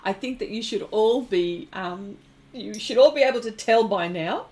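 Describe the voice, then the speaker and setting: A middle-aged New Zealand woman with a Kiwi accent hosts an art livestream, chatting casually and reading viewer comments while giggling often between remarks. Her voice is medium-pitched and darkish, at a moderate pace.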